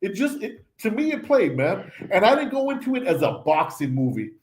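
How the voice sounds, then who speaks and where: Lively high-voiced man debating movies. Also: brisk. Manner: animated, slangy, says bro and man a lot. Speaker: podcast co-host.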